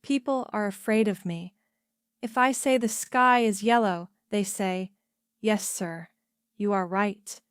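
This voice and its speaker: A woman voicing a polite young royal prince in storybook dialogue, in a courteous, gently amused manner. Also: medium pitch, slow pace, clean tone, no room sound, clean studio sound, close to an everyday voice.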